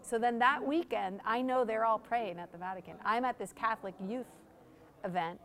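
A woman pastor in casual conversation, telling a story with lively energy and acting out the voices of the people in it. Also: fairly high pitch, moderate pace. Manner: lively, acts out quoted voices, frequent fillers. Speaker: pastor and guest speaker.

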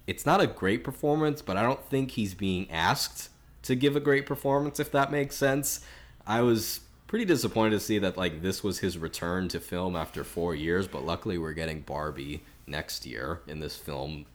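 A man co-hosting a film podcast, talking through his opinions in a chatty, measured way with lots of filler words. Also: low-pitched. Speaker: podcast co-host. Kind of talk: casual film review chat.

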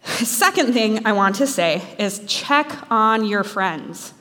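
A young woman from Minnesota giving an animated, self-deprecating talk to students. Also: mid-range voice, slow. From Minnesota, USA. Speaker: speaker. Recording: long hall reverb.

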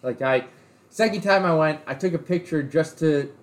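A man's voice: a little high, moderate pace. A man in casual chat, telling a long story with rambling restarts.

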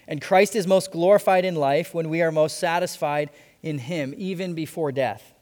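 Guy preaching a sermon, earnest, repeats stuff slow for emphasis, echoey church hall. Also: on the high side, a little mellow. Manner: earnest, repeats phrases for emphasis, slows on key lines. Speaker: pastor. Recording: long hall reverb.

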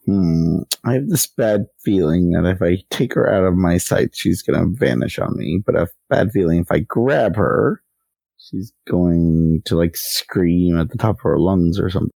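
A man's voice: low voice, moderate pace, gravelly, warm tone, dry recording. A man playing in a tabletop game who thinks aloud and speaks hesitantly about his character's next move. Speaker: player.

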